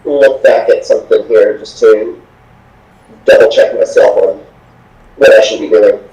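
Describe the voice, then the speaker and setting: A man playing a tabletop game and thinking aloud in an unhurried way. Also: fairly low pitch, steady tone, dark tone, reverberant, rough recording. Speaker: player. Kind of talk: casual tabletop play.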